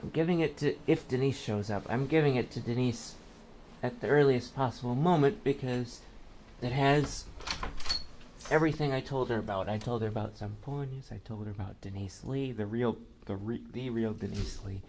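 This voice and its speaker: A young adult man vlogs in a loose, meandering way, backtracking and restating his points. His voice sits at an ordinary middle pitch, with a faint hiss of noise underneath. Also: moderate pace, darkish tone. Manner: rambling, repeats and corrects himself. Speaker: vlogger. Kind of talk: casual rambling monologue. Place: college campus, indoors.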